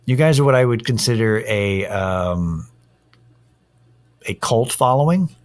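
A man's voice: mid-range voice, lively intonation, a little slow. Give me a middle-aged man with a mid-range voice grumbling through a profane podcast rant. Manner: profane, irritated ranting. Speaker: podcast host. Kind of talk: casual solo podcast monologue. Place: Austin-area home setting.

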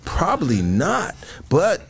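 A man's voice: on the high side, huge pitch swings, slow, a little hiss or hum. Blunt male host, casual and profane. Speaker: podcast host. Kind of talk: casual chat.

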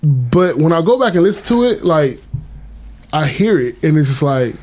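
A man's voice: a little high, sing-song, normal speed, darkish tone. A man co-hosting a podcast in casual chat, rambling and repeating himself as he explains. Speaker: podcast co-host.

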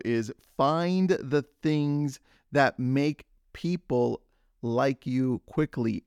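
A man's voice: medium pitch, gravelly, darkish tone, dry recording, clean studio sound. A man hosting a solo podcast, telling a story in an upbeat way with frequent restarts. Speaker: podcast host.

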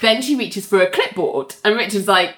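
A woman co-hosting a casual chat, recapping TV scenes and briefly acting out the characters' lines. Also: mid-range voice. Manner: animated, acts out characters' lines in quick voices. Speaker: podcast co-host recapping a TV episode.

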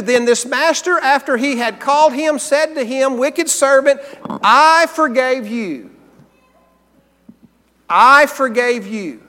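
A man preaching a sermon, earnest, slowing down and repeating key phrases for emphasis. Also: very high voice, a bit bright, big-room sound.

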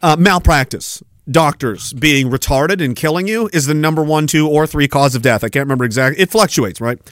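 A man's voice: fairly high pitch, fairly quick, fairly bright tone, dry recording. A man hosting a podcast, delivering a crude, profane, mocking rant. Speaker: podcast host. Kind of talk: ranting commentary.

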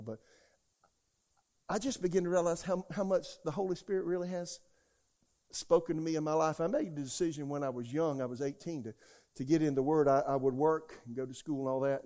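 A man, preaching a sermon as a pastor. He tells stories from his own life and shouts out the lines he quotes. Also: fairly high pitch. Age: 60s. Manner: storytelling, rising to shouts when quoting God.

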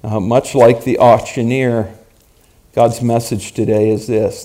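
A man's voice: mid-range voice, little pitch movement, measured pace. Man preaching a dramatic sermon story. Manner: dramatic, rising to loud emphasis.

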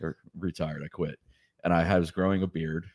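A man's voice: low-pitched, fairly even intonation, brisk, a little mellow, no room sound, clean studio sound. A man in his forties telling crude, rambling stories as a podcast host, swearing constantly and laughing often. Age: 40s. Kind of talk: crude casual storytelling.

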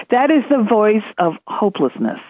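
A woman's voice: mid-range voice, very animated, unhurried, slightly rough, no room sound. Brief: woman author chatting by phone, casual fillers, tinny lo-fi line. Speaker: author guest. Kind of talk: interview conversation.

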